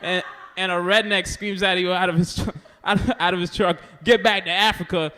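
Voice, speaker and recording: A man's voice: high-pitched, flat delivery, fairly quick, bright, forceful tone. A male stand-up comedian from Haiti, telling a rambling, self-deprecating story. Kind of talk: stand-up set. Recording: long reverb and noisy hall.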